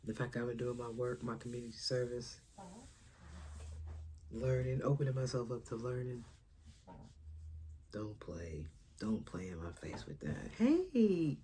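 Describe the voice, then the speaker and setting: A woman who vlogs and does stand-up chats casually to camera about spiritual things, rambling, laughing often, and slipping into whispers. Her voice is extremely low, mellow, and unhurried, with frequent pauses. There's slight background noise.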